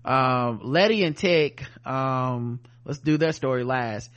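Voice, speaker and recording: A man co-hosting a podcast recaps a TV episode in casual conversation. His voice sits at an ordinary, mid-range pitch. He talks in a laid-back, profane and animated way. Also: slow pace, clean tone, muffled recording. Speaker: podcast co-host.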